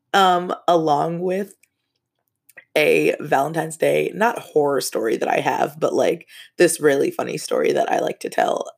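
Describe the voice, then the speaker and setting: A woman's voice: low voice, gravelly, darkish tone. A young woman hosting a casual podcast, telling a story with frank, profane asides and laughs.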